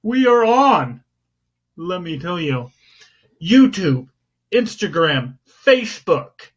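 A man's voice: sits high, sing-song, slow, slightly rough. Joking man on a lo-fi podcast. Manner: jokey, playful, switches into mock newsreader voice. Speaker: podcast co-host. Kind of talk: casual podcast banter. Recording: dull lo-fi home recording.

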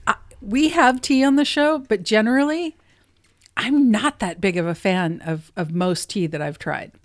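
A middle-aged woman co-hosting a casual podcast, chatty and quick to laugh, often trailing off mid-sentence. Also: medium pitch. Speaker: podcast co-host. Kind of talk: casual chat.

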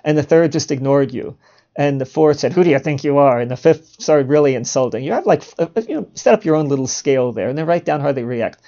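A man's voice: on the high side, animated, brisk, warm tone, dull audio. A man hosting a podcast, delivering a provocative monologue in a sarcastic, mock-indignant way and chuckling at his own jokes. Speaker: podcast host.

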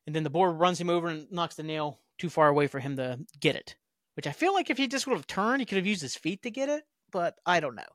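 A man's voice: sits high, a bit bright, no echo, clean studio sound. A young man hosting a podcast, casually recapping a TV episode with rambling, offhand asides. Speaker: podcast host.

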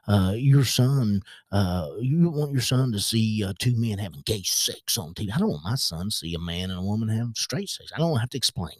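A man's voice: lowish voice, a little mellow, dry recording, clean studio sound. A man with a rural American country accent, hosting a podcast monologue in a frank, rambling way with many restarts. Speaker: podcast host.

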